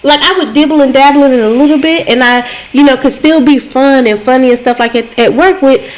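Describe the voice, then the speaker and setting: High-voiced young woman, candid and slangy. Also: a little fast. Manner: candid, laughing, slangy and profane. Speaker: podcast co-host. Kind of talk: casual chat among friends.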